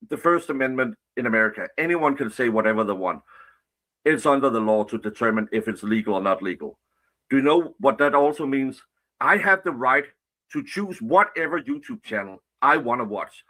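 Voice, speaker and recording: A man's voice: mid-range voice, lively intonation, normal speed, a bit bright. A man on a played clip, ranting angrily and profanely, confronting his critics. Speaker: online commentator. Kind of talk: angry rant.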